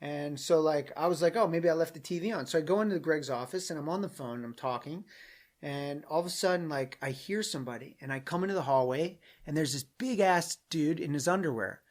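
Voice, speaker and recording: A man in his thirties telling a story in a casual interview, animated and profane, acting out the voices of the people in it. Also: on the high side, a little fast. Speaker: guest.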